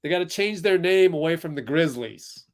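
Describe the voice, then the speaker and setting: A young man hosts a live basketball watch-along stream, sounding heated and exasperated, with frequent laughs and sighs. His voice is a little high and expressive, and he speaks at a normal speed.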